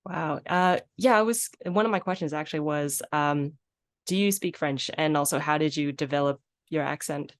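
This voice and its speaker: A woman's voice: low voice, moderate pace, dry recording, studio quality. A woman interviewer asking questions in a friendly, chatty way, with fillers and little laughs. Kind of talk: casual interview over video call.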